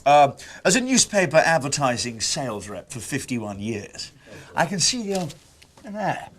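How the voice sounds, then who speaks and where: A man's voice: mid-range voice, very animated, measured pace. A man presenting a breakfast TV show, mocking the gossip pages in a chatty, jokey way and laughing through his lines. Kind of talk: jokey review of the newspapers.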